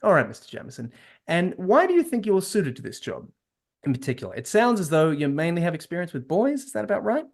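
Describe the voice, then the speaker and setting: A man's voice: sits high, very animated, quick pace, vocal fry, pitched above the performer's own voice, exaggerated voice. A man voicing a serious, polite woman school principal in her late thirties, speaking in a clipped, formal way.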